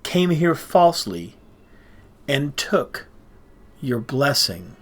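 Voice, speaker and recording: A man's voice: mid-range voice, sing-song, takes it slowly. A man reading aloud and voicing an old blind father who questions anxiously in a raised voice. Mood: distressed.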